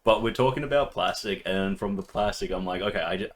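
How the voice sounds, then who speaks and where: A man with a fairly low voice chats on a casual podcast. He retells a game session with lots of laughter, bursting into loud, acted-out lines and swearing freely. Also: quick pace. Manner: animated storytelling, acts out his own outbursts with swearing and laughter. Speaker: podcast co-host. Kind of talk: casual chat.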